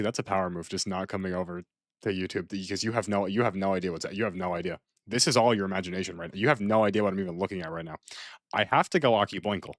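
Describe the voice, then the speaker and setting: A man's voice: on the low side, a bit bright, no room sound, clean studio sound. A man chatting casually while streaming a game, rambling and playful, often repeating himself as he thinks aloud. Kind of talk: casual gaming stream commentary.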